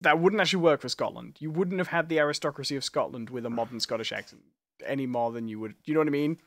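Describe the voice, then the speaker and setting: A man's voice: mid-range voice, fast, dry recording. A man co-hosting a casual live chat podcast, explaining and correcting with historical facts. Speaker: podcast co-host.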